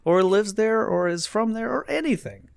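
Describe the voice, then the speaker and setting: A man's voice: high voice, animated, moderate pace, gravelly, smooth. An American man co-hosting a podcast, chatting casually and joking sarcastically while reading posts aloud. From United States. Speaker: podcast co-host.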